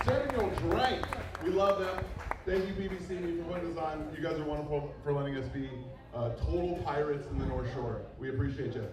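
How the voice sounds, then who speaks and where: A man's voice: fairly high pitch, fairly even intonation, a little fast. A man hosting an open mic comedy night, chatting loosely between acts. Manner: loose, chatty emcee patter. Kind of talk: emceeing a comedy show. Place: bar with live audience. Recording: echoey bar, far from the mic, crowd noise.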